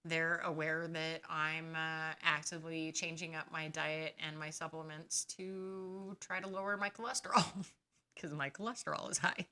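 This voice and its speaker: Blunt low-voiced woman podcaster. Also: little pitch movement, normal speed, bright, forceful tone. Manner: blunt, advising, grows emphatic and scolding. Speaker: podcast host sharing her experience. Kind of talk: casual podcast monologue.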